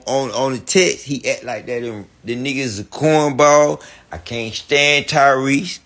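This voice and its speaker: A man telling a heated, profane story on a podcast, repeating himself and breaking into animated outbursts. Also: mid-range voice. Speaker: podcast guest.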